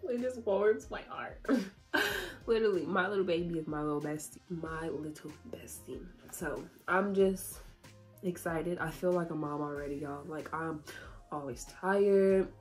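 A woman's voice: fairly low pitch, a little slow, soft background music. A woman, talking casually and emotionally to her viewers, laughing and fighting back tears. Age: 20s. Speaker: YouTuber. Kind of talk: casual vlog talk to viewers.

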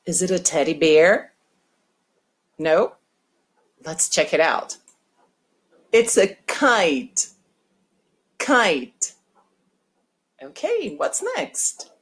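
A woman teaching English to first graders in an exaggerated, sing-song way, gasping at each new picture and switching into to explain. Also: on the low side. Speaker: English teacher for young children. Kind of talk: slow, animated online lesson for first graders.

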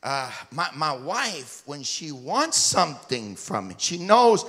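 Speaking slowly in a slightly high, bright voice with big pitch swings, a man preaches as a missionary. He has the congregation repeat after him and jokes with the crowd, his words echoing through the church sanctuary.

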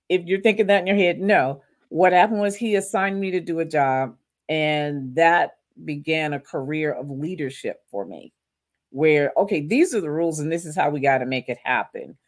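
Woman, middle-aged, animated storyteller, lowish voice. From Louisiana. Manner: animated storyteller, acts out quotes. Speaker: guest. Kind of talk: storytelling in a podcast interview.

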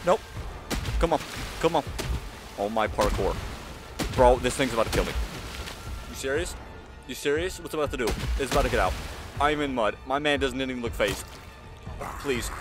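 A man hosting a gaming channel, doing casual let's-play commentary; he talks to the screen in slang and yelps when he is startled. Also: medium pitch. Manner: jumpy, talks to the screen, frequent frightened yelps; casual slang, says "bro" and "y'all".

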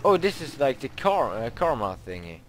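Excitable young man yelping over a game. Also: mid-range voice, normal speed, a little hiss or hum. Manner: excitable, yelps and shrieks when startled. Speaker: gaming YouTuber. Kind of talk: let's play commentary.

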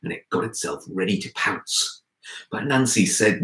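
Animated male storyteller, echoey room. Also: on the low side, moderate pace. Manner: animated, expressive, speaks to listeners directly. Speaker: children's author and storyteller. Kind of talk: storytelling for children.

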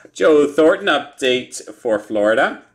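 A man hosting a live card break, briskly listing player names and teams and chuckling over hard names. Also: mid-range voice. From Canada. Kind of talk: live sports card break, calling out pulls. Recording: noisy room with card-pack crinkling.

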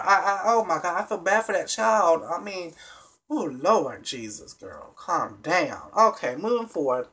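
Speaking directly to viewers, a TV show reviewer recaps a reality TV episode in a casual, animated, blunt style full of swearing. The voice is medium-pitched, unhurried, and slightly rough.

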